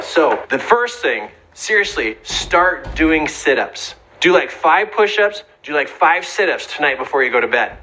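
Lively, bright-voiced man giving advice. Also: a little high, unhurried, few pauses, low-quality recording. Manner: earnest, emphatic, acts out quoted voices. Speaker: speaker giving advice on bullying. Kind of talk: motivational talk.

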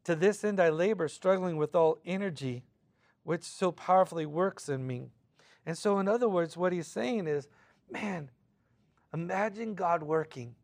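A man preaching a conversational sermon, casual and animated, acting out quoted voices between frequent fillers. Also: high-pitched, normal speed. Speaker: pastor.

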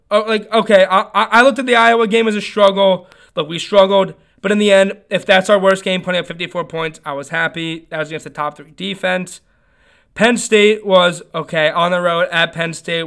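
A man's voice: high voice, a bit bright. A young man hosting a casual sports podcast, ranting in an opinionated, rambling way with lots of fillers and restarts. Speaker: podcast host.

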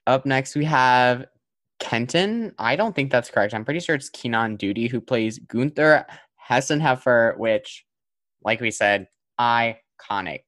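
A man's voice: medium pitch, a little slow, a bit bright, dry recording. A young man hosting a casual podcast chat, hedging and filling with "like" as he talks. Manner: chatty, filler-heavy, hedging with "like". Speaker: podcast host.

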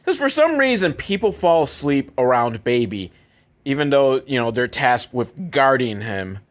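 A man's voice: mid-range voice, moderate pace. Male movie reviewer, dry and sarcastic, cursing through a rambling plot recap. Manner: profane, deadpan, rambling with asides.

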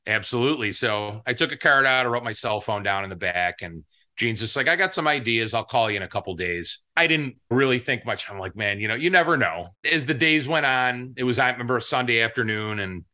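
A man who is a guest and business owner, telling a story in an excited, rambling way and acting out what people said. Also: medium pitch, a little fast. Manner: excited, rambling, acts out quotes. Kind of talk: storytelling in an interview.

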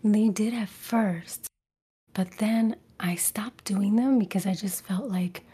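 Soft whispering New York woman. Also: medium pitch, takes it slowly, husky. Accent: neutralized New York. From Brooklyn, New York. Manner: soft whispered chat with frequent laughs. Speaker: guest ASMR creator. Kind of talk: whispered role-play.

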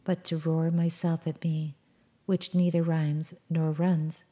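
Woman playing a curious, petulant small boy in a bedtime tale; dark, mellow tone. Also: low voice, flat delivery, takes it slowly. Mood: puzzled. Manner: puzzled, a bit petulant.

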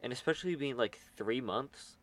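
A man's voice: medium pitch, moderate pace, a bit bright. A teenage boy chatting casually, telling a school story in a rambling way with many fillers. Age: teens. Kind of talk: casual chat.

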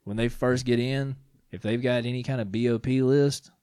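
A man's voice: mid-range voice, steady tone, normal speed, mellow, clear, resonant tone, dry recording, studio quality. A man co-hosting a casual podcast chat, joking and rambling through stories. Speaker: podcast co-host.

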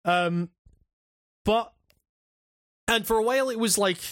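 Casual podcast co-host, male, higher pitch, rambling and profane, dead-dry room. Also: slow, fairly bright tone, no echo. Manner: rambling, profane, many restarts and fillers; laughs often while talking. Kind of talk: casual chat.

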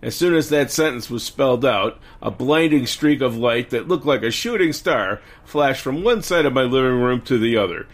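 A man co-hosting a casual podcast, reading stories aloud in a steady way and laughing along. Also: medium pitch, normal speed, few pauses.

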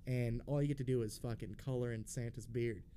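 A man with a mellow, dark-toned voice sits in the middle of the pitch range as he recounts a story to his podcast co-host. He rambles and swears nonstop in a blunt, unpolished way, often circling back with fillers and restarts. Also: steady tone, fairly quick, a little hiss or hum. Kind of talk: casual storytelling.

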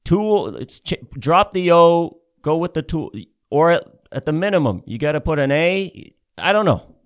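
A man's voice: a little high, expressive, moderate pace. A man from Canada doing a stand-up comedy set, profane and rambling, with many repeats and restarts.

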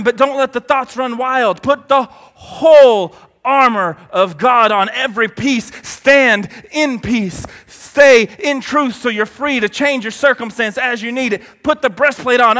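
A man preaching a sermon with a very high voice. His tone is bright and forceful, and he drives his points home with emphatic rhetorical questions to the congregation. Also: a little slow, in a large hall.

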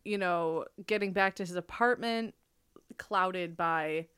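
A woman's voice: fairly low pitch, slow, fairly bright tone, smooth. A woman co-hosting a podcast, recapping a film in loose, rambling chat. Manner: rambling, many fillers and restarts. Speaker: podcast co-host.

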